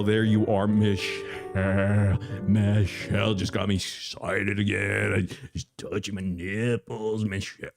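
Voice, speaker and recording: A man's voice: on the low side, creaky, a little mellow. A man hosting a casual live stream, reading viewer comments aloud and teasing one chatter in a playful, crooning way.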